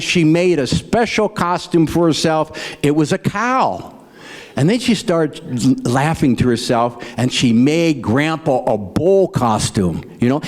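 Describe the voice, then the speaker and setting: A middle-aged man telling folksy stand-up jokes about his grandparents, acting out their voices. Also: a little high. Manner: folksy storyteller, acts out grandparents in raised voices. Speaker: stand-up comedian.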